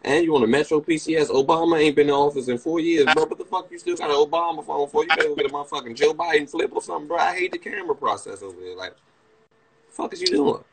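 A man's voice: a little high, quick pace, low-quality recording. A young man with a Washington DC area accent, talking on a livestream, brash and profane, mocking a guest. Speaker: livestream host. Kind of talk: casual livestream chat, roasting a guest.

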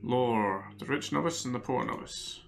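A man's voice: mid-range voice, moderate pace, vocal fry, slight background noise. A man casually commenting on his game and reading in-game texts aloud, muttering to himself. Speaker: let's player.

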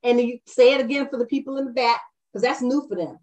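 A woman hosts a podcast interview in a casual, chatty way and laughs easily as she talks. Her voice sits a little higher than most women's. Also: quick pace, darkish tone. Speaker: podcast host.

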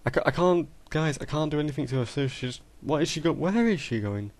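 A man's voice: medium pitch, animated, quick pace, few pauses, darkish tone, dry recording. A man sits at his computer with a headset mic, narrating his gameplay in a casual, chatty way. He gets exasperated, swears mildly and talks straight to the characters on screen. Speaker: gamer doing a let's play.

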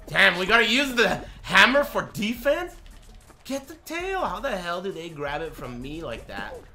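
Male streamer, 20s, profane mock-angry chat banter, lively pitch, clear game music behind. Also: measured pace. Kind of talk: live gaming stream chat.

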